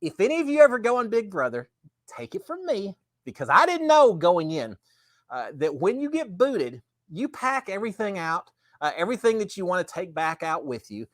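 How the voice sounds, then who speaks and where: Chatty man, lively voice. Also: high-pitched, normal speed, no room sound, studio quality. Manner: rambling, folksy, chatty. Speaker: live show host. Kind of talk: casual live-stream chat.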